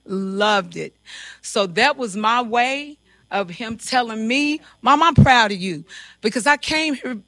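Woman, grieving mother; soft-spoken, emotional testimony; bright, tense tone. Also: on the high side, lively intonation, slow, no room sound. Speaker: panel guest, grieving mother. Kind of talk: personal testimony.

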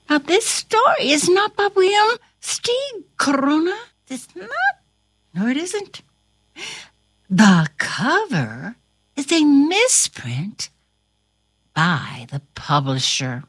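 A woman reading a storybook aloud and talking straight to her listeners, with a highly expressive, dramatic delivery. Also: slow, husky, dry recording, clean studio sound.

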